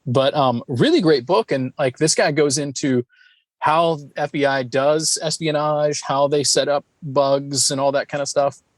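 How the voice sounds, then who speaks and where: A man co-hosting a podcast in casual chat, telling stories in an animated way and laughing often. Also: a little high, measured pace, no echo. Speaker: podcast co-host.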